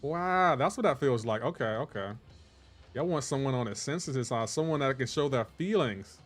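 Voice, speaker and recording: A male game streamer bantering with his chat in a loose, teasing way, feigning offense for laughs. His voice sits at a middling pitch, and faint music plays softly behind him. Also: animated, fairly quick. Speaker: livestream gamer. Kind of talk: casual chat with live chat viewers.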